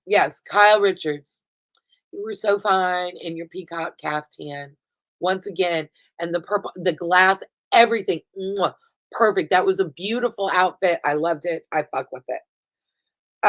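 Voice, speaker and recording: A woman in her thirties chatting casually as a vlogger recapping a reality TV episode, gushing and swearing freely, laughing often, a little high. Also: poor audio. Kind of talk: casual chat.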